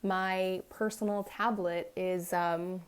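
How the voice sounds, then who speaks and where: A woman's voice: lowish voice, takes it slowly, smooth. A young woman, a crafting vlogger, chatting casually and telling a family story, acting out the voices she quotes. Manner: animated, acts out quoted voices.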